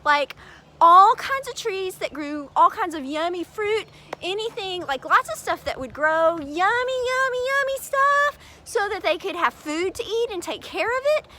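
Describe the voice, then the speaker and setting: Very high, animated woman storyteller. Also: measured pace, a little hiss or hum. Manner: animated, sing-song and exaggerated for kids. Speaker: children's chapel storyteller. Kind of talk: children's Bible storytelling.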